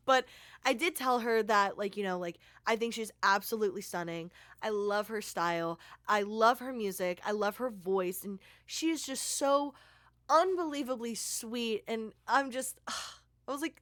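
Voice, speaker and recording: A woman's voice: fairly high pitch, moderate pace, a bit bright, dry recording, clean studio sound. A young woman content creator talking in a casual vlog, rambling and heartfelt, with many "like"s. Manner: rambling, heavy use of "like", heartfelt and gushing.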